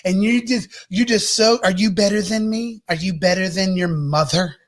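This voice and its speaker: A man's voice: sits high, normal speed, close to an everyday voice. A man doing a drunk, guilt-tripping mother. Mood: drunk, accusing. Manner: slurring, needy, guilt-tripping. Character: drunk, belligerent middle-aged mother, tipsy and weepy.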